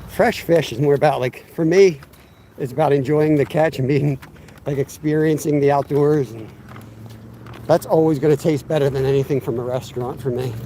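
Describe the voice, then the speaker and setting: A man in his fifties hosts a fishing livestream outdoors by the water, chatting casually, rambling and poking fun at himself. His voice is fairly high and mellow at a normal speed, with a little hiss or hum, picked up by a camera on a tripod.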